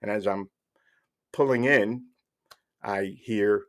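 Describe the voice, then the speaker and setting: A man's voice: on the low side, measured pace. Wry older male storyteller. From New Jersey. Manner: wry, digressive, with fillers and restarts. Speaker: podcast host. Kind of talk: casual storytelling monologue.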